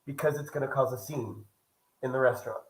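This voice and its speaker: A man's voice: medium pitch, a little fast, low-quality recording. A young man vlogging casually, telling a story and acting out the other people's lines as he goes. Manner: animated, acts out quoted dialogue. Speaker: travel vlogger.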